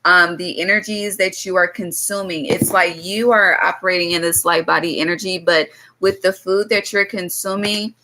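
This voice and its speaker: A woman's voice: lowish voice, fairly even intonation, moderate pace, few pauses, sharp tone, poor audio. A woman giving a loose, casual tarot reading to her viewers, blunt and swearing freely, drifting into chatty asides. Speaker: tarot reader.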